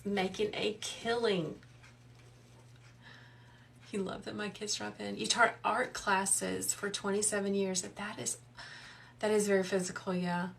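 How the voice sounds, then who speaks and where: A woman, hosting a live wreath-making tutorial in a soft, soothing, chatty way while she reads out viewers' comments. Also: mid-range voice, gravelly, far from the mic, a little hiss or hum. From South Carolina. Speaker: wreath maker and livestream host. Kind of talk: live craft tutorial chat.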